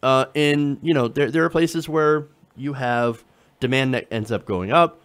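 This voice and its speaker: A man's voice: medium pitch, a little slow, fairly bright tone. A man hosting a political talk show, reading quotes aloud with sarcastic commentary, with frequent fillers and chuckles. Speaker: host.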